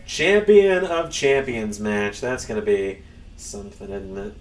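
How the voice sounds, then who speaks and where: A streamer and channel host chats casually and ramblingly while playing a game. His voice is on the low side and unhurried, picked up far from the mic in a roomy space with a faint background hum.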